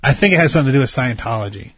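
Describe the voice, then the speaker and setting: A man's voice: mid-range voice, animated, racing, a bit bright, slightly rough, no echo. A man in casual chat, rambling through a conspiracy story with heavy swearing and insisting he is right. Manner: insistent, argumentative.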